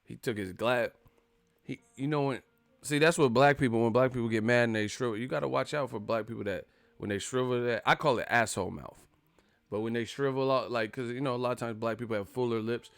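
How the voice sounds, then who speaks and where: Gravelly LA guy on a live stream, cussing and acting stuff out. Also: mid-range voice, brisk, no room sound. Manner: profane, animated, acts out quotes. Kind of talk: casual live-stream commentary.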